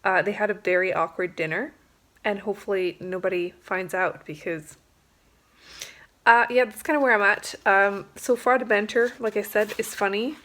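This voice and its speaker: A woman's voice: mid-range voice, steady tone, moderate pace, a bit bright. A young woman book vlogger chatting casually, giggly and full of fillers. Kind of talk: casual reading vlog chat.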